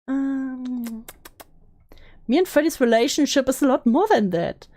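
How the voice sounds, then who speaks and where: A woman's voice: sits high, sing-song, drawn-out words, long pauses, dark tone, no echo. A young woman talking casually on a stream, emotional and swearing, laughing often.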